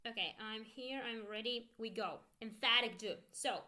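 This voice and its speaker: A woman's voice: fairly high pitch, moderate pace, pushed and bright. A woman whose first language is Russian teaches an online English grammar lesson, repeating phrases for learners to echo.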